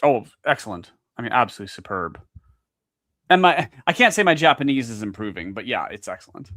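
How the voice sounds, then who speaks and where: Lively-voiced man co-hosting a podcast. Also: medium pitch, brisk, no echo, studio quality. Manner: expressive reactions with exclamations. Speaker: podcast co-host. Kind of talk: casual chat.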